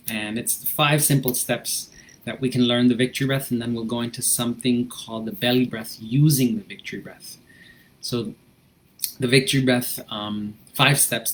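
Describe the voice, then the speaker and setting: A man leading a guided breathing lesson, gentle and reflective, often checking in with a "right?" and a soft laugh. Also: mid-range voice. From United States. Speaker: breathing and meditation instructor.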